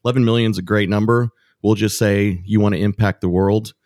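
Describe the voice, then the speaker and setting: A man hosting a casual podcast, his voice sitting on the low side. He sounds upbeat and encouraging, and the recording is dry and close, with no room sound around him. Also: steady tone, a little fast, a little mellow, no room sound. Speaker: podcast host.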